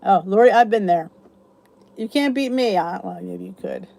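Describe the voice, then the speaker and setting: Middle-aged woman, host of a casual live chat, soft mellow tone, chatty, reads out and answers viewer comments. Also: medium pitch, normal speed, gravelly. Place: cozy room downstairs at home.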